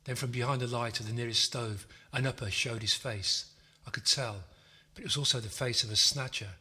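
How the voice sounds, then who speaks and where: A male narrator reading a novel aloud. His voice is husky with a bright, forward edge, and his first-person storytelling is measured and steady. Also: mid-range voice. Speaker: audiobook narrator.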